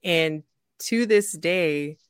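A young adult woman hosting a podcast, telling a story in a lively, joking way and laughing often. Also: lowish voice, drawn-out words, clear, resonant tone, dry recording, clean studio sound. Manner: animated, jokey, laughs often. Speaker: podcast host. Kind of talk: casual storytelling chat.

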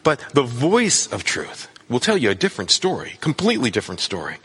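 A man delivers a sermon in an earnest, emphatic way, stacking repeated phrases as he builds each point. His voice is slightly husky and his pitch rises and falls freely. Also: huge pitch swings, brisk, a bit bright. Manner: earnest preaching with emphatic repetition. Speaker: pastor.

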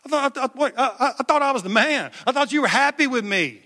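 A man's voice: very high voice, expressive, fast, pushed and bright, voice pushed up, exaggerated voice. A man playing a bewildered young Jesus who stammers in protest. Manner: flustered, stammering. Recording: long hall reverb.

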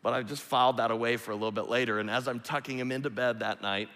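A middle-aged pastor preaching with an earnest, insistent delivery, circling back over his phrases to drive them home. His voice is bright and forceful, with a long reverb trailing off the walls of a large hall. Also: mid-range voice, fairly even intonation, fast talker. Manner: earnest, repeats phrases for emphasis. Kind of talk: sermon.

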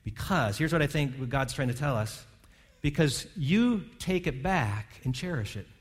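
A man's voice: mid-range voice, lively intonation, measured pace, slightly rough. A man preaching a sermon from a church stage, earnest and conversational, often restarting his words. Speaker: pastor. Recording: long hall reverb.

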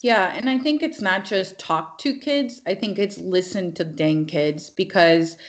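A woman's voice: medium pitch, unhurried. A woman in casual podcast conversation, speaking earnestly and emphatically, often saying "like".

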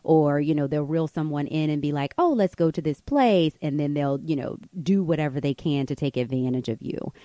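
A woman podcast host from the United States telling a personal story in an animated, conversational way with many fillers. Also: deep voice, a little fast, hardly any pauses, no echo.

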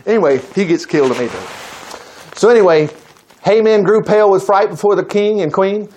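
A man preaching a sermon, retelling a Bible story in a lively, chatty way and acting out the characters' lines. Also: sits high, a little fast, a little hiss or hum. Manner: animated, acting out voices, chuckling asides.

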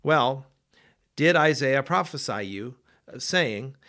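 A man reading scripture aloud in a measured, expressive way. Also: medium pitch. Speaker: Bible reader.

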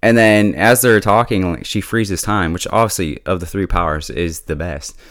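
A man with a low, smooth voice recaps a TV episode in loose, chatty talk, dropping in laughs and filler words as he goes. The sound is close and dry, with no room echo at all. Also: moderate pace. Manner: relaxed, chatty, laughs often, heavy use of "like" and "yo". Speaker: TV show reviewer. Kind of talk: casual episode recap and review.

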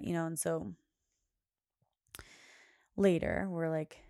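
A young woman hosts a podcast in a casual, rambling way, with plenty of fillers as she tells her story. Her voice sits fairly low and has a gravelly, frying edge. The recording is dry and close, with no room echo. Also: level tone, normal speed, pauses often, a little mellow. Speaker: podcast host. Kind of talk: casual chat.

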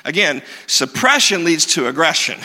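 A man delivers a sermon with a bright, slightly high voice. He moves between earnest teaching and self-mocking stories, leaning on emphatic repeats. The sound rings out with the long reverb of a large hall. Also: big pitch swings, moderate pace. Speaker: pastor.

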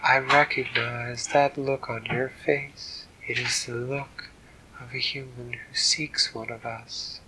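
A man voicing a gentle, sorrowful female mermaid in a soft, formal whisper, as whispered role-play. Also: medium pitch, level tone, slow, noisy background, lightly acted. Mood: curious.

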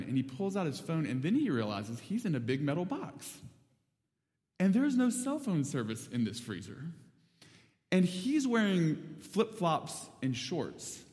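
A young man giving a sermon, telling a story with lively acted-out quotes before turning to scripture. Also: mid-range voice, unhurried. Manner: animated storyteller, acts out quotes. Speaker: preacher. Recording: long reverb of a big hall.

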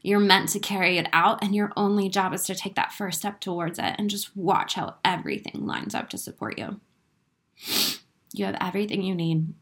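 A woman's voice: medium pitch, flat delivery, a little fast, few pauses, a bit bright. A woman giving an emotional, spiritual motivational talk to her viewers. She speaks with earnest conviction, swears freely and laughs through her emotion. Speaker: inspirational speaker.

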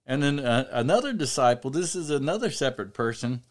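A man's voice: mid-range voice, sing-song, fairly quick. A man giving an informal Bible study talk, reading verses and explaining them in a conversational way, often saying "you know" and building up to emphatic preaching. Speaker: Bible teacher.

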